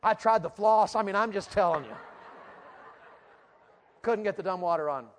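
A man preaching a youth sermon in a church, emphatic and repetitive, swinging between loud bursts and hushed asides. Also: high-pitched, normal speed, a little hiss or hum.

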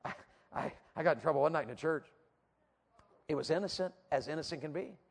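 Emphatic high-voiced preacher. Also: male voice, fast, creaky. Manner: emphatic, repetitive, swings from loud to hushed. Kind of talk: youth sermon. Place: church.

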